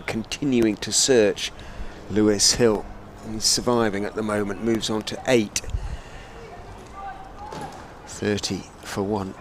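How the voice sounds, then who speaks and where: Low-voiced male cricket commentator. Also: fairly even intonation, a little hiss or hum. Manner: measured, storytelling between deliveries. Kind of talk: live ball-by-ball cricket commentary.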